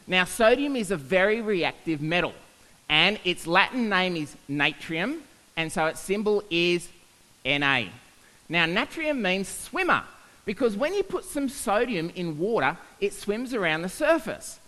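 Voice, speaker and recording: A young man, a science teacher, tells funny stories to an audience in an animated way and laughs at himself. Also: high voice, unhurried. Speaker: science teacher giving a talk. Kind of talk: storytelling talk to an audience. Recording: hall reverb.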